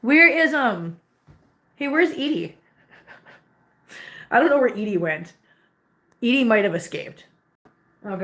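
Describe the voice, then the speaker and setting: A woman hosting a casual livestream from home, chatting with viewers and cooing at her cats in a high sing-song voice. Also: a bit bright, roomy sound. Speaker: host. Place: home room full of cats. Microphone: laptop mic.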